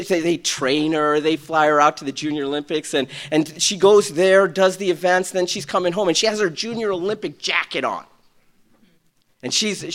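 A man delivers a sermon in a high, bright voice. He builds to shouted peaks and then drops into hushed storytelling. His pitch roams widely. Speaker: pastor.

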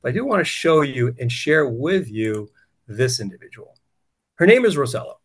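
A man's voice: mid-range voice, very animated, normal speed, husky. A man preaching a conversational sermon, telling a personal testimony with many rhetorical questions.

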